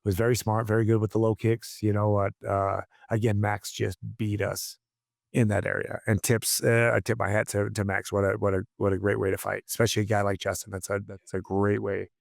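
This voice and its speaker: A man's voice: fairly low pitch, little pitch movement, fairly quick, gravelly, no echo, clean studio sound. A man coaching combat sports, telling stories in a casual interview, blunt and profane with many restarts.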